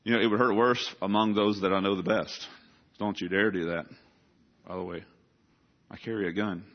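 A man's voice: fairly low pitch, fairly even intonation, moderate pace. A man, preaching a conversational sermon that asks his congregation questions and swells to urgent emphasis. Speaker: pastor. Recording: dull lo-fi sound.

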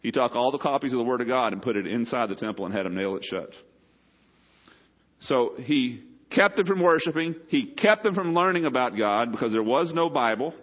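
A man's voice: medium pitch, lively intonation, brisk, highs cut off. A man preaching a sermon as a pastor, talking in a conversational way with joking asides to the congregation.

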